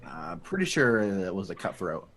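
A man's voice: deep voice, very animated, fairly bright tone, voice pushed down, exaggerated voice. A man playing a hesitant young mobster. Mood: earnest. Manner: hesitant, halting, full of restarts. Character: cautious young male upstart mobster.

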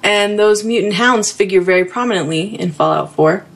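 A woman with a mid-range voice talks calmly and steadily about video games. She goes over each point plainly in a relaxed, casual way. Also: mid-range voice, normal speed, a little hiss or hum. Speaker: podcast co-host. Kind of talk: casual gaming chat.

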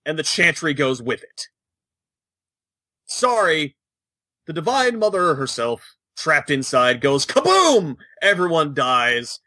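A man co-hosting a casual gaming podcast, telling the story with animated jokes. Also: on the high side, no echo. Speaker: podcast co-host.

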